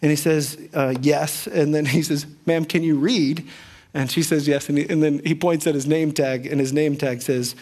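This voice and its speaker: A man's voice: a little high, steady tone, fairly quick, few pauses, a little mellow. Chatty storytelling male pastor. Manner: chatty, self-deprecating, acts out quoted voices. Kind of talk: sermon with personal storytelling.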